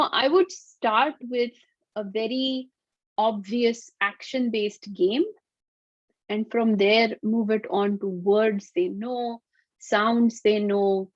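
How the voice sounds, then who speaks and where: A woman's voice: mid-range voice, no echo. Upbeat woman teaching over dull webinar audio. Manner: upbeat, explanatory, playful. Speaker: webinar presenter on auditory skills. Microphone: computer mic on video call.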